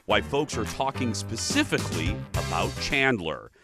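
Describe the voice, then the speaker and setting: Lively talk show host. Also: male voice, lowish voice, moderate pace, loud music behind the voice. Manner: animated, chatty, self-deprecating.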